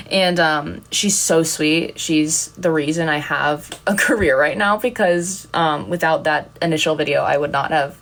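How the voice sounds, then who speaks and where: A young woman chatting casually on a livestream, telling rambling, giggly, self-deprecating stories. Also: on the low side. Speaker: content creator on a livestream.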